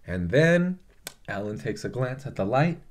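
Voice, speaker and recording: A man's voice: medium pitch, big pitch swings, unhurried. A young man vlogging a casual, emotional movie review, swearing often and rambling with fillers.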